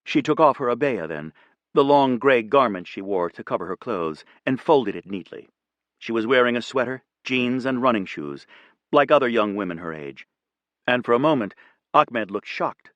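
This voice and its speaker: A man narrating an audiobook in an even, measured reading on a close studio mic. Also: medium pitch, no room sound, dull audio. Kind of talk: scripted narration.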